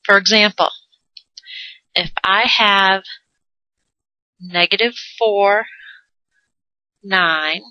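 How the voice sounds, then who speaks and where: Woman, math teacher, very slow, bright tone, playful, dull dry lo-fi sound. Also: mid-range voice, no room sound. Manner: very slow, drawn out, playful sound effects and jokes. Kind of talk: playful math lesson narration.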